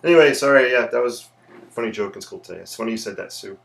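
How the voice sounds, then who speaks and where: A man's voice: medium pitch, quick pace, creaky. A man, an architect who teaches, chatting casually with viewers on a livestream while he sketches. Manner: chatty, greets viewers, rambling asides.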